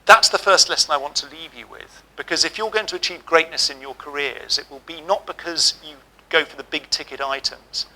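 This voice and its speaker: Man, middle-aged, very bright voice, slightly high pitch, humorous keynote storytelling. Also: brisk, low-quality recording. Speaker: keynote speaker. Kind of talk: keynote speech. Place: auditorium.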